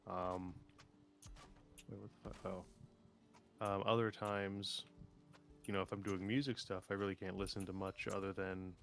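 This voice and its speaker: Low, easygoing male gamer. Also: little pitch movement, moderate pace, creaky, long pauses, fairly bright tone, soft background music. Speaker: streamer playing a video game with friends. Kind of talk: casual chat while gaming.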